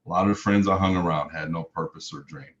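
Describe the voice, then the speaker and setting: Middle-aged man from Chicago, very low voice, emotional storyteller, slightly muffled recording. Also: fairly even intonation, quick pace, fairly bright tone. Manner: vivid present-tense storytelling, emotional. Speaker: motivational speaker. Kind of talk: personal storytelling talk.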